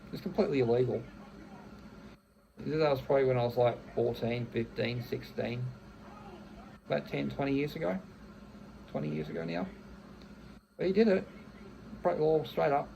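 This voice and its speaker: A man's voice: mid-range voice, animated, normal speed, gravelly, long pauses, mellow, a little hiss or hum, low-quality recording. A man, venting bluntly in a casual monologue, swearing heavily and often restarting his phrases. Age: 30s. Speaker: vlogger.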